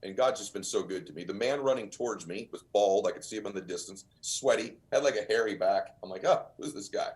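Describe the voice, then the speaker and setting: A man's voice: on the low side, fast, few pauses, darkish tone. A man as a podcast guest, telling motivational stories in an earnest, emphatic, almost preacher-like way. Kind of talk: motivational storytelling.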